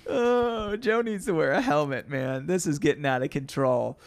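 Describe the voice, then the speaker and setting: A man's voice: fairly high pitch, moderate pace, gravelly. A man co-hosting a podcast, chatting casually about a book in a playful, joking way and laughing often. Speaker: podcast co-host. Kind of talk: casual comedic book discussion.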